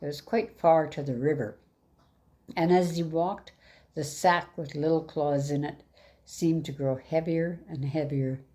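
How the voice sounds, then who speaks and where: A woman reading a fairy tale aloud in an even, measured way. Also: deep voice. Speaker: storyteller.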